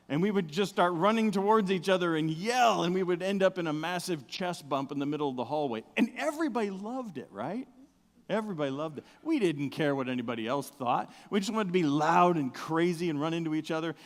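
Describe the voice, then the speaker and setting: In a church sanctuary that sounds like a large hall, a middle-aged pastor delivers a sermon full of humorous stories. His big outdoor voice, a little high in pitch, shifts between soft asides and loud, excited outbursts.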